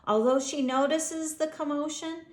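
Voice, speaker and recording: A woman reading her own children's story aloud in an expressive, unhurried way. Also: sits high. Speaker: author reading her book. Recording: echoey room.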